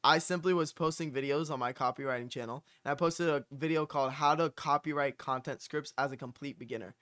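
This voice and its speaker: Bright-voiced young man, casual chat. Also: a little high, a little fast. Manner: loose, says "like" and "bro" constantly. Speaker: copywriting channel host.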